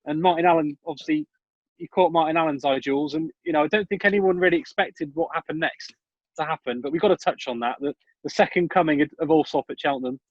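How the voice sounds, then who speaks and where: A man hosting a casual interview over a video call, prompting his guests with quick questions. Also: a little high, dry recording, dull audio. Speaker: host interviewer.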